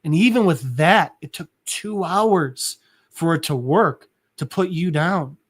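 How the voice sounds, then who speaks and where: A man co-hosting a podcast, casually recapping a comic and acting out the characters' lines in an animated way. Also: a little high, takes it slowly, slightly rough. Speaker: podcast co-host.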